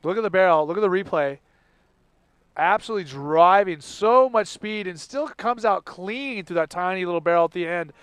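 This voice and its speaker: A man calling a live sports contest play-by-play, in an energetic, exclamatory way. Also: high-pitched, normal speed, clean tone, no echo. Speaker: contest commentator.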